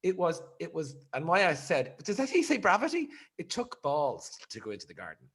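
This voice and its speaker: A man, hosting a podcast and telling a rambling, animated story in casual chat. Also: on the high side, fairly quick, slightly rough. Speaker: podcast host.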